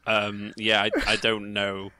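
A man chatting as a podcast host, telling stories excitably with swearing and restarts. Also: fairly low pitch, takes it slowly, smooth, no echo. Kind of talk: casual chat.

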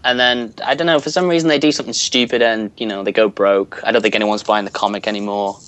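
A man's voice: on the low side, steady tone, fast, a bit bright, clear, resonant tone, dry recording. A young man chatting casually about video games, rambling and laughing often as he searches for words. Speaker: podcast co-host.

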